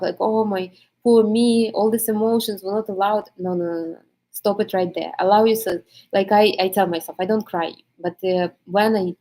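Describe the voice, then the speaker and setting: A woman coach talking in a casual monologue, reflective and reassuring, with many pauses and fillers. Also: on the low side, dark tone, low-quality recording. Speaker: energy coach.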